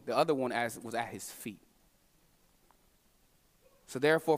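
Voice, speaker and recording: A man preaching a sermon as pastor. His delivery is impassioned, swinging between hushed moments and emphatic calls. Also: mid-range voice. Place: church sanctuary. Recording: long reverb of a large hall.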